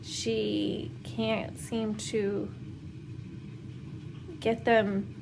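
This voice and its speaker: A thirties homeschooling mom vlogger rambles casually through a vlog chat while doing laundry at home, full of fillers and nervous laughs. Her mid-range voice holds a level tone, with drawn-out words and vocal fry. Background noise is audible.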